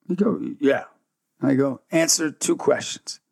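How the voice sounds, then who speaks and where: A man's voice: medium pitch, gravelly, dry recording. A man guest telling a story with lots of energy in an interview, acting out both sides of the dialogue. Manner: energetic, fast-shifting, acts out dialogue. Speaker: guest, ministry founder.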